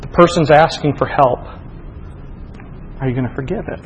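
A male preacher with a somewhat raised pitch delivers a sermon. He moves between forceful, emphatic reading and hushed, intimate appeals, and keeps pressing his listeners with direct questions. A faint rumble runs underneath his voice. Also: moderate pace, big-room sound, muffled recording.

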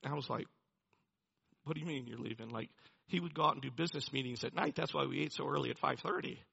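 A man's voice: medium pitch, very fast, vocal fry, bright, forceful tone, slightly rough, highs cut off. A man preaching a sermon, telling a personal story in an earnest way and building to emphatic preaching. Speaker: pastor.

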